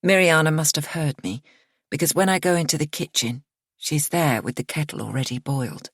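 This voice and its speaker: Low, husky woman narrating a thriller. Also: dry recording, studio quality. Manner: measured, expressive storytelling. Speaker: audiobook narrator. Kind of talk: first-person thriller narration.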